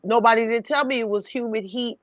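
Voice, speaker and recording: A woman telling a personal story in casual chat, animated and laughing, swearing freely. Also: fairly high pitch, a little fast, no echo. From New York City. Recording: dull, dry sound.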